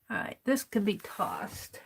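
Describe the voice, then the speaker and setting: Sorting through her supplies on a craft livestream, an American woman chats casually and mutters to herself. Her mid-range voice is creaky, with slight background noise behind it.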